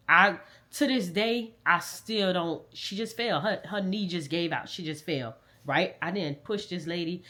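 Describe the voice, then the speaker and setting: A woman's voice: fairly low pitch, a bit bright. A woman telling an emotional personal story in casual, repetitive, dialect-rich speech. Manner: conversational, repetitive, dialect grammar. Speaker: vlogger.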